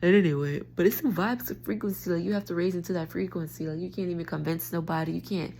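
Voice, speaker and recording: Woman vlogger, low gravelly voice, tired, frustrated, rambling phone rant. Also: fast talker, warm tone, a little hiss or hum. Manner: frustrated, stream-of-consciousness, restarts thoughts. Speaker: spiritual vlogger.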